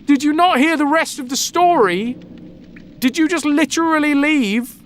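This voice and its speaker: A man's voice: extremely high pitch, moderate pace, a little hiss or hum, pitched above the performer's own voice. A man voicing an exasperated old druid who shrieks and swears while scolding a boy in a told story.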